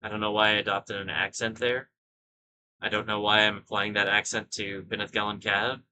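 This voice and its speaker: A gaming video host gives casual commentary over his own gameplay, thinking aloud, drifting into rambling asides and correcting himself. His voice is low yet bright and forceful, delivered flatly at a moderate pace. The recording is rough.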